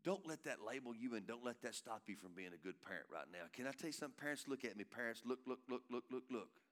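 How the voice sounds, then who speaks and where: A man preaching a sermon in a church, swinging between loud urging and hushed tenderness and calling out to the congregation with repeated phrases. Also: mid-range voice, expressive, fast talker. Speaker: pastor. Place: church sanctuary.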